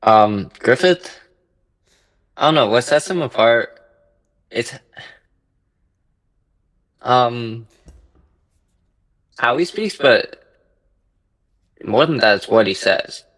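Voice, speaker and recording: A man's voice: mid-range voice, expressive, very slow, pauses often, a bit bright, rough recording. A man in a casual philosophical discussion who questions and reasons tentatively. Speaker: discussion participant.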